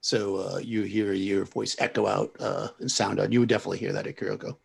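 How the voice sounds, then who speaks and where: Gravelly, husky male game master. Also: lowish voice, little pitch movement, fairly quick. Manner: rambling, full of fillers and restarts. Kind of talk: narrating a tabletop game.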